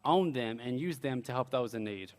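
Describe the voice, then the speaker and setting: A man's voice: mid-range voice, expressive, normal speed, darkish tone, big-room sound. A young man preaching a sermon, telling stories with earnest, casual asides. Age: young adult. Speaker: pastor.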